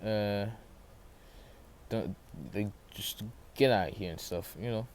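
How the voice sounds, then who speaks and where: Man, low voice, sore throat, casual rambling storytelling, lots of fillers, faint background hiss. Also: takes it slowly, darkish tone. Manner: rambling, loses track of names, many fillers. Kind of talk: casual fan-story retelling.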